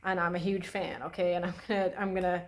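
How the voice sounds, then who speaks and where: A woman's voice: on the low side, level tone, fast talker, background noise. Chatty, foul-mouthed young woman vlogger. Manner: swears freely, chatty and opinionated; rambling with many fillers and restarts. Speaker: beauty vlogger. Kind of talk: casual chat while doing makeup.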